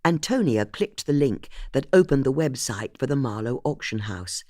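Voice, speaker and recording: Expressive audiobook narrator, lively pitch. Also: moderate pace, dry recording, studio quality. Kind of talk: scripted mystery narration.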